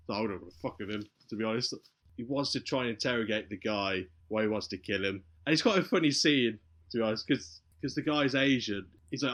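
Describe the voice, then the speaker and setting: On a podcast, a man with a mid-range voice breezily retells a movie's plot at a brisk clip. He brings it to life by performing the characters' lines himself.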